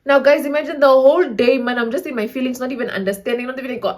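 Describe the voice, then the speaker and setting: A young woman with a Namibian accent telling a dramatic story to camera in a casual, animated way, acting out quotes and laughing often. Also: high-pitched, very fast, few pauses. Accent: Namibian English. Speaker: storytelling vlogger.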